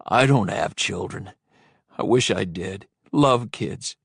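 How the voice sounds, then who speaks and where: A man voicing a kindly middle-aged truck driver, soft-spoken and pleading, in a storybook reading. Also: lowish voice, lively intonation, slow pace, creaky, breathy edge, dry recording, clean studio sound, pitched below the performer's own voice, full character voice.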